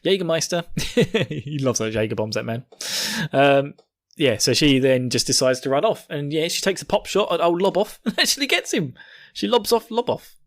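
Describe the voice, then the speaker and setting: A man's voice: a little high, expressive, moderate pace. A man hosting a podcast, recapping an episode casually, laughing often and swearing. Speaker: podcast host.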